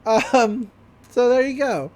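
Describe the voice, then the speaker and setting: A podcast host recapping a cartoon episode in a chatty, casual way, laughing often. The voice swings widely in pitch and drops into quick asides. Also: expressive, a little mellow.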